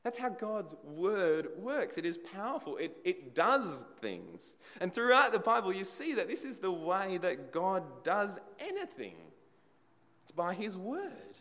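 A male preacher delivering a sermon with a fairly high, very lively voice that rises and falls constantly. He talks to the congregation conversationally and keeps asking them rhetorical questions. His voice rings out with a long reverb, as in a large hall.

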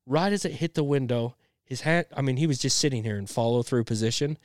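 An animated young man spins a story on a podcast, breaking into laughter as he goes. His voice sits at an ordinary pitch and comes across close and dry, with no room sound. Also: quick pace, dry recording. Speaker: podcast co-host. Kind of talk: casual storytelling chat.

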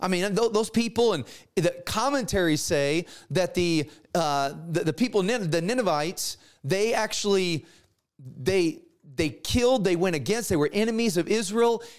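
Guy teaching bible class, high voice, super animated, acts out all the characters, says dude a lot. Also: moderate pace, smooth. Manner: animated storytelling, acts out characters in slangy asides.

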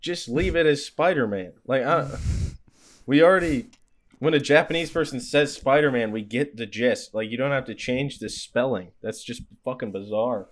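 Profane joking young man. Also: mid-range voice. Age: young adult. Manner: profane, joking, quick restarts. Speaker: podcast co-host. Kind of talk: casual chat.

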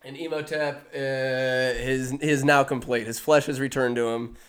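A man's voice: medium pitch, little pitch movement, measured pace, fairly bright tone, clean tone. A man giving a casual, rambling, jokey recap of a movie, often interrupting himself.

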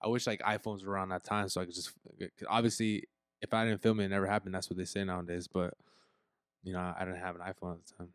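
Smooth-voiced young man telling stories. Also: sits low, fast talker, dry recording, studio quality. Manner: animated storytelling, heavy slang and swearing. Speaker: podcast host. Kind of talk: casual podcast chat.

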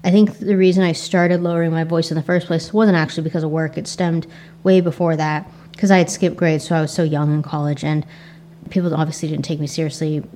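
A woman's voice: sits low, level tone, fairly quick, mellow, slight background noise. A young adult woman with an Asian American accent hosting a casual solo podcast, reflective and rambling with frequent restarts. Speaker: podcast host.

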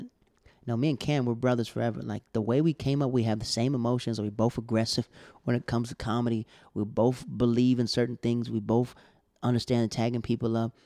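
A man's voice: mid-range voice, warm tone, no room sound, clean studio sound. A man in his thirties, a stand-up comedian, telling a heartfelt story in a rambling way and repeating himself. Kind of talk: casual storytelling.

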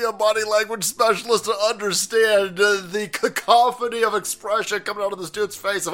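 A man hosting a commentary channel, foul-mouthed and rambling, mocking as he swings from loud outbursts to mutters. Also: high voice, fairly even intonation, brisk, hardly any pauses. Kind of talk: profane comedic commentary.

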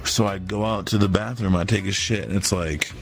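A man's voice: lowish voice, steady tone, brisk, gravelly. A young man chatting on a podcast, stoned, telling rambling profane stories and laughing. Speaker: podcast host. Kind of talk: casual chat, storytelling.

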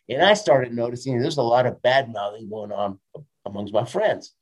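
A man in his fifties, a motivational speaker, spins anecdotes in a casual interview. He is lively and quick to laugh, and he keeps checking in with his listener. His voice sits at an ordinary middle pitch for a man. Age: 50s. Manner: lively, laughs often, tags lines with "right?".

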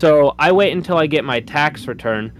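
A man's voice: fairly high pitch, lively intonation, normal speed. Hesitant man venting, with a faint hiss. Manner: hesitant, groping for words, aggrieved storytelling. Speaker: podcast co-host. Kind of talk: casual chat.

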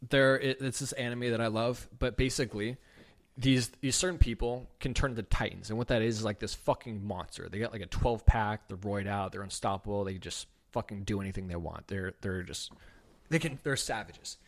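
A man's voice: on the low side, a little fast. A young man hosting a podcast, telling a raw, unscripted personal story in casual, profane speech, full of "like" and quoted back-and-forth dialogue. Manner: casual, profane, heavy use of "like"; animated retelling with quoted dialogue. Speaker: podcast host.

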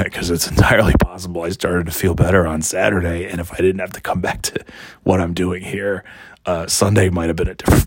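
Hoarse middle-aged man, deep and raspy, dry close sound, fed-up rambling vlogger. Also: no echo. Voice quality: gravelly, raspy. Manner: exasperated, rambling, profane. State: hoarse from coughing. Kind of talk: casual ranting vlog.

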